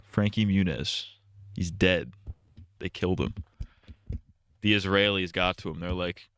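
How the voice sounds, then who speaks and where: A male streamer chatting casually over gameplay, rambling from joke to joke and laughing often. His voice sits low. The sound is dry and close on a desk mic. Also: fairly even intonation, a little slow, pauses often, a bit bright, smooth, no room sound. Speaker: streamer, host.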